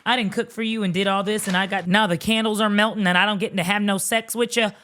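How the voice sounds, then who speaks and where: A woman's voice: mid-range voice, fairly even intonation, quick pace, fairly bright tone. Sassy, blunt woman podcast host. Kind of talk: casual reality-show recap.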